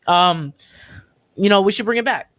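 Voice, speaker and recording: Brief: twenties man, podcast co-host, high and lively, loose rambling chat with swearing, dry close sound. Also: normal speed, no room sound. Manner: loose, rambling, swears freely, laughs often. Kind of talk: casual chat.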